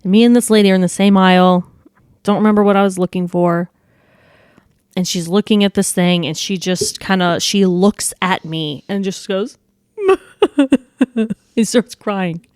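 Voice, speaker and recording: A woman's voice: mid-range voice, a little slow, long pauses, a little mellow, clean tone, no room sound, clean studio sound. A woman co-hosting a podcast in casual chat, candid and profane, laughing often as she tells stories. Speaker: podcast co-host.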